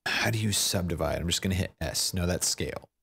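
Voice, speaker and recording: A man talking through a software tutorial, thinking aloud, fumbling and poking fun at himself. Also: low-pitched, brisk, gravelly, husky. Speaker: tutorial maker. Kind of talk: unscripted screen-recorded tutorial.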